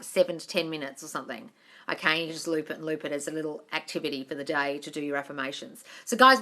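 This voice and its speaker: A woman hosting a casual live-stream Q&A on manifesting, reading out viewer comments and answering them warmly, calling people darling. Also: fairly low pitch. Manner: repetitive, affectionate, calls viewers darling.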